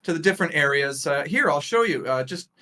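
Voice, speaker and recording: A bright, chirpy young woman guide, as a male game master puts her on, talking high and lively. She gushes along, stumbling over her words and doubling them. A tabletop game role-play voice. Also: fairly quick. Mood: chatty. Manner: bubbly, hesitant, repeats words. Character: cheerful young woman tour guide, chatty.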